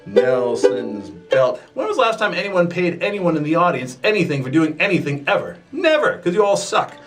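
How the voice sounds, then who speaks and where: A comic performer doing a whiny, petulant rant as a wrestler, with slow repeated chanting and bits of singing. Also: male voice, high-pitched, very animated, a bit bright, soft background music, low-quality recording. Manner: sings along to a ukulele. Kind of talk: comedy rant monologue. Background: faint ukulele.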